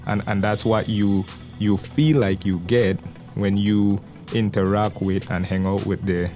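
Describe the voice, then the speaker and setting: A man, a pastor answering interview questions in an earnest, steady way. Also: fairly low pitch, unhurried, soft background music. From Belize. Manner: earnest, steady, repeats small words as he thinks. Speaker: pastor, podcast guest. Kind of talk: measured conversational interview answers.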